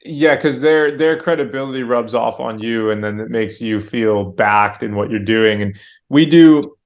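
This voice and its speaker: A man's voice: medium pitch, measured pace. A man hosting a casual interview, giving affirming and reflective follow-ups to his guest. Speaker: podcast host.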